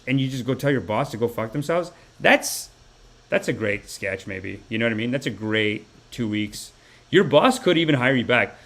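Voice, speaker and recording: Speaking at a medium pitch and a fairly quick clip, a man in his thirties from Canada hosts a live-stream podcast of satire. His delivery is animated and foul-mouthed, alternating loud outbursts with mumbled side remarks.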